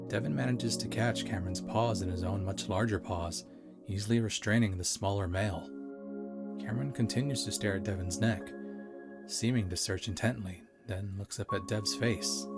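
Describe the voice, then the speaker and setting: A man narrating a story as an amateur audiobook reader, in a steady, deliberate way. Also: lowish voice, gravelly, loud music behind the voice.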